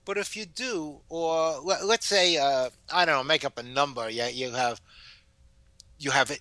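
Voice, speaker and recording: A man, giving advice as a guest in a casual interview and telling stories with lively energy. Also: fairly high pitch, unhurried, dry recording. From New York. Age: 70s. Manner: animated storyteller. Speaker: guest author.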